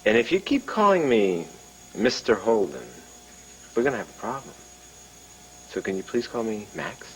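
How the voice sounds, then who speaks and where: A man's voice: lowish voice, huge pitch swings, normal speed, long pauses, breathy edge, heavily acted, poor audio. An actor playing a flirtatious, easygoing man, playful and insistent in his offers. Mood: flirty. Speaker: charming local man. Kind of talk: daytime soap acting.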